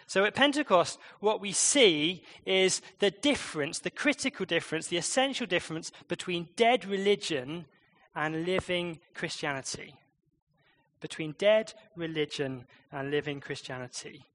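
Guy preaching in church, bright voice, a bit high, chatty and lively. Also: normal speed. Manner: lively, conversational, varies loudness and pace. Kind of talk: sermon.

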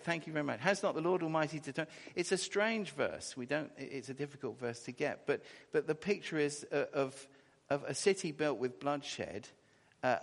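A man preaching a sermon, animated and halting, acting out horrified cries, with many restarts. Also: medium pitch, gravelly. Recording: long reverb of a large hall.

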